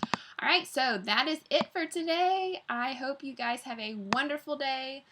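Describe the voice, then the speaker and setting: A woman reading a children's book aloud to her students, telling it in an expressive way. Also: high-pitched, unhurried, background noise. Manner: expressive, warm storytelling.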